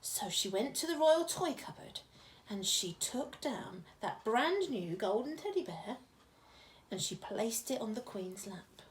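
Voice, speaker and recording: A woman reading a children's storybook aloud in a fairly high voice that rises and falls very expressively. She breaks off to chat and giggle and drops to a hush at the tense parts. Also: measured pace. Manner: animated, giggly, hushes to whispers for suspense. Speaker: storyteller reading a picture book. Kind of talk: read-aloud with chatty asides.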